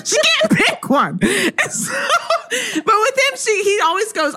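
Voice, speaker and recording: A woman's voice: very high voice, very animated, moderate pace, bright, forceful tone. A young woman co-hosting a casual book podcast, retelling the plot with lots of "like", acting out the characters' lines and laughing often. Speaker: podcast co-host. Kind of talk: casual chat recapping a book.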